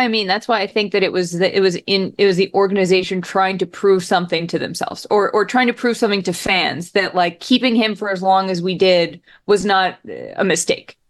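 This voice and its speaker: A woman co-hosting a casual sports talk show, conversational and agreeable. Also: mid-range voice. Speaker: podcast co-host.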